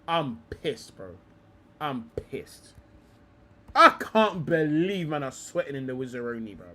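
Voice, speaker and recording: Man, live reaction host, teasing, bright high voice, unhurried delivery. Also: sing-song. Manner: teasing, laughing, repeats phrases. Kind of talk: live reaction stream, casual banter.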